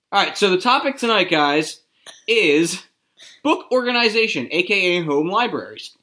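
A man's voice: high voice, sing-song, unhurried, bright, forceful tone. Rambling male podcast host. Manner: rambling, hesitant with fillers. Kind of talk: casual chat.

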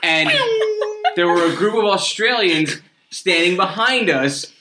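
A man's voice: high voice, lively intonation, measured pace, heavy background noise. A man co-hosting a podcast, chatting casually with frequent swearing and rambling side stories. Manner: swearing, chatty, digressive storyteller. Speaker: podcast co-host. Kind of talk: casual chat.

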